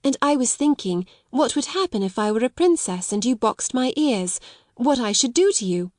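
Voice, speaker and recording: A woman's voice: fairly high pitch, animated, moderate pace, a little mellow, no echo, clean studio sound, voice pushed up, close to an everyday voice. A woman voicing a grand, daring young schoolgirl. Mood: grandly defiant. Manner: grand and polite. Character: proud, composed young schoolgirl, calm and daring.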